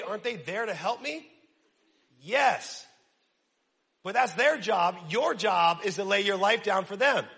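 A young man preaching a casual, energetic sermon, using slang and quizzing his audience. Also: high voice, gravelly. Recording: long reverb of a large hall.

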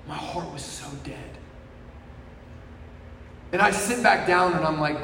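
A young man preaching a testimony sermon, telling his story, swinging from hushed to shouting. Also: sits high, normal speed. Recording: echoey hall from far off with faint noise.

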